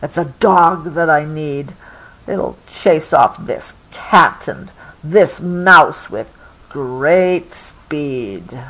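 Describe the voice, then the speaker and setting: A woman's voice: sits low, animated, very slow, a bit bright, pitched below the performer's own voice, exaggerated voice, rough recording. A woman reading a picture book aloud, giving the lines of a grumpy man who wants to live alone. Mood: grumbling.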